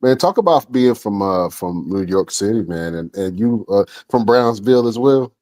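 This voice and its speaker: A man's voice: lowish voice, lively intonation, normal speed, a little mellow, dry recording. A man hosting a podcast interview, laid-back and casual, often tossing in "man" as he talks. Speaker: podcast host.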